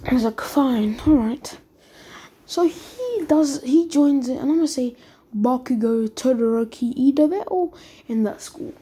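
Rambling high-voiced girl retelling a story. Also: lively intonation, moderate pace, mellow, breathy edge. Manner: rambling, strings quotes with "he's like", often drops to a whisper. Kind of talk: casual fan-story retelling.

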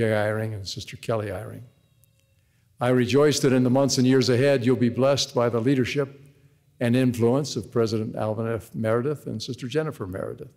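Man at a lectern, mid-pitched, measured and earnest devotional sermon, long reverb from a big arena. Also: a little mellow. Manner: measured, earnest, reads scripture aloud. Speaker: devotional speaker. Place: large university arena.

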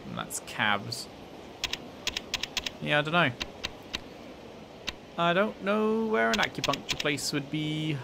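A man's voice: a little high, wildly swooping pitch, slow, gravelly, long pauses. A man giving casual, chatty commentary while playing a game, puzzled at times and swearing freely. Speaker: let's play gamer. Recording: noisy, with game sounds behind.

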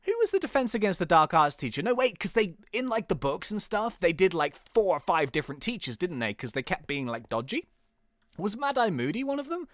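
A young man hosting a gaming channel, giving chatty, excitable play-by-play commentary and often laughing at the game. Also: high voice, a little fast, no echo.

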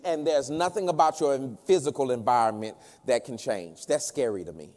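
A man preaching a sermon as guest minister, swinging between loud emphasis and hushed tones and repeating phrases. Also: mid-range voice, brisk, big-room sound. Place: church sanctuary.

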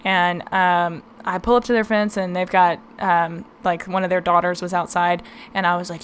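With a fairly low voice that has little pitch movement and a normal speed, a young podcast host tells a story casually, laughing a lot and filling her speech with "um" and "like". There's a little hiss or hum in the recording.

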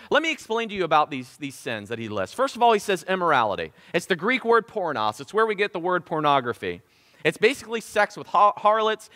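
A man's voice: a little high, sharp tone, long reverb tail. A man preaching a sermon in a church, impassioned, with emphatic repetition and rhetorical questions. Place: church sanctuary.

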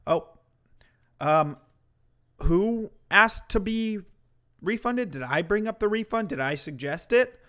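Dude with a slightly high voice ranting on stream, swearing a lot, sarcastic and heated. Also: male voice, lively intonation, takes it slowly, pauses often, a bit bright. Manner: heated, profane, mocking. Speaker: streamer commentator. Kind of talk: ranting commentary to a live chat.

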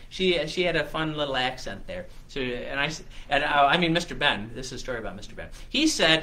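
A man's voice: a little high, very animated, fairly quick, hardly any pauses, bright, forceful tone. A man hosting a children's show, making up a story on the spot with lots of fillers and playful restarts. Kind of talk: improvised storytelling for kids.

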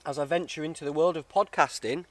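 A man's voice: on the high side, fairly even intonation, fast, dry recording. A man vlogging outdoors in the woods, chatty and heartfelt, often calling the viewer mate. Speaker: bushcraft vlogger. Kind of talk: casual outdoor vlog.

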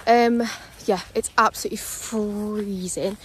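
A woman's voice: mid-range voice, moderate pace, a little hiss or hum. Chatty young woman vlogging. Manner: chatty, rambling, says "literally" and "like" often. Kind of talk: casual vlog chat. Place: outdoors on a dog walk, then at home indoors.

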